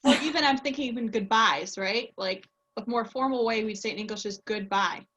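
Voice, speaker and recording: A woman's voice: fairly high pitch, fairly quick, fairly bright tone, poor audio. A woman language teacher chatting casually with a colleague and acting out bits of quoted speech. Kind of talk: casual professional discussion.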